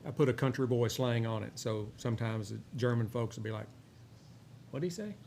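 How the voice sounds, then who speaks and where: A gravelly-voiced man chats casually while he reviews a cigar. He drawls and rambles, filling pauses with "uh." Faint noise hums under his voice. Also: medium pitch. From Texas. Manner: rambling, relaxed, many "uh" fillers. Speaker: host of a cigar and whiskey review show.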